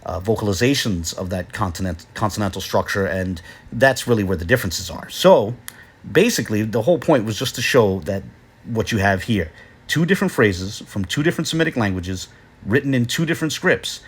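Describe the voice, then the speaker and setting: A man narrating an explainer lesson in a measured, explanatory way, pausing often with filler sounds. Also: lowish voice, animated, slightly rough. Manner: measured, explanatory, with frequent "uh" pauses. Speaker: video lecturer.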